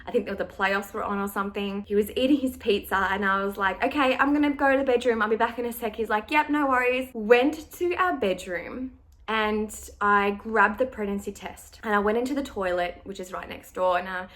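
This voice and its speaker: A woman's voice: mid-range voice, normal speed, fairly bright tone. A young woman vlogging, telling a personal story in a chatty, emotional way with lots of "like". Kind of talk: casual storytelling to camera.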